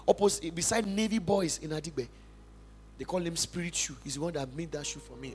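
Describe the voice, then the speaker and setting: A young adult pastor from Nigeria with a Nigerian accent, giving an emphatic, passionate sermon testimony in church. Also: male voice, on the high side, fairly quick, a little hiss or hum. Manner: emphatic, passionate preaching with big swings in loudness.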